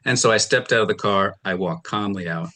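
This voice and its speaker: A man with a low but bright, forceful voice gives courtroom testimony. He rambles through his side of a neighbor dispute, stopping to act out what each person said. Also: brisk. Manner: rambling, retells arguments with quoted dialogue. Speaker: litigant testifying. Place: television courtroom.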